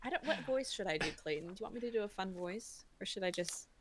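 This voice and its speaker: A woman's voice: mid-range voice, expressive, fast talker, background noise. A woman streaming a mystery game, chatting casually, reading chat aloud and laughing often.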